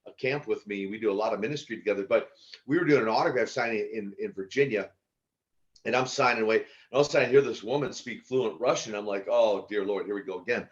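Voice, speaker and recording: A man in his sixties, a former pro wrestler, telling stories as a podcast guest in an animated way with laughs and restarts. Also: fairly low pitch, fast. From United States. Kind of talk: casual storytelling interview. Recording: dull lo-fi audio.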